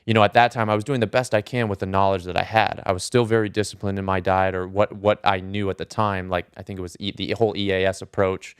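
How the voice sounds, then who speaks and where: Earnest male guest with a smooth voice. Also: deep voice, level tone, fast, few pauses, no echo, studio quality. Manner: earnest and explanatory. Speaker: podcast guest, strength coach. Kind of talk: casual podcast interview.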